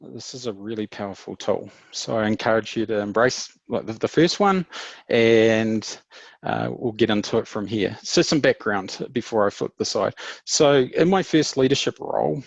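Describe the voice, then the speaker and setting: Gravelly-voiced New Zealand man presenting. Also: lowish voice, normal speed, no room sound, dull audio. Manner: casual, chatty, many fillers and restarts. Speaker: meetup speaker. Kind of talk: presentation over video call.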